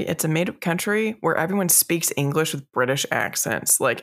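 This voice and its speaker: A woman's voice: deep voice, fairly bright tone. A woman co-hosting a casual chat, running through lists with the odd swear word. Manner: chatty, runs through lists with light swearing. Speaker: podcast co-host.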